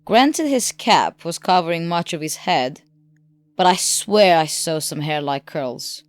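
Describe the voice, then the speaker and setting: A male audiobook narrator voicing a sharp, skeptical female Time Lord who talks dryly and with sarcasm, her voice raised well above his own. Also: on the high side, expressive, a little slow, clean tone, no echo, voice pushed up. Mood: suspicious. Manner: dry and sarcastic.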